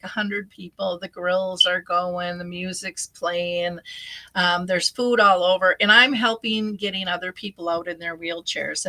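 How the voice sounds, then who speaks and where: A middle-aged woman, a guest on a talk show, telling a story in an animated way and acting out the people in it. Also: mid-range voice, poor audio. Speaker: guest, dementia advocate.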